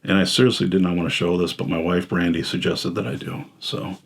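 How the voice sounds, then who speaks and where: Deep raspy forties guy doing a blunt self-mocking monologue, kinda out of breath. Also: little pitch movement, a little fast. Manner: self-deprecating, blunt, wry. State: short of breath. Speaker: filmmaker and host. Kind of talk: candid personal monologue.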